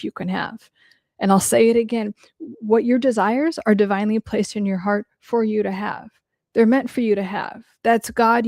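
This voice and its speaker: Woman host for a casual stream Q&A, blunt and chatty, some vocal fry, dry close sound. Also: medium pitch, a little mellow, no room sound. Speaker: host answering viewer questions. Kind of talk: casual livestream Q&A.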